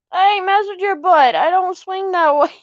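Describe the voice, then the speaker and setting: A woman's voice: very high-pitched, no echo. A woman vlogging casually at home, breaking into belly laughs between phrases and swearing freely. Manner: swears freely and says "Lord have mercy" often. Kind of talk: casual live chat to viewers. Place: at home, near her mother's room. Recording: dull lo-fi audio.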